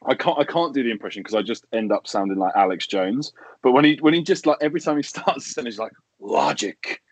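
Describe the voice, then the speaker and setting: A man co-hosting a podcast, chatting in a sweary, animated way and laughing as he talks. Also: mid-range voice, quick pace, no room sound, poor audio. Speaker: podcast co-host. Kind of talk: casual chat.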